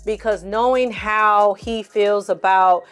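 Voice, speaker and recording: A woman's voice: medium pitch, fairly even intonation, slow pace, fairly bright tone, smooth. A woman host giving a casual, blunt movie recap, full of swearing and exasperated asides, acting out the characters' lines. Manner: blunt, profane, exasperated storytelling with acted-out quotes. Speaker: film review host.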